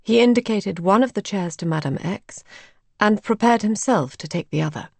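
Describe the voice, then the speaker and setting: A woman narrating a story in a measured, even way. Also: medium pitch, creaky, no echo.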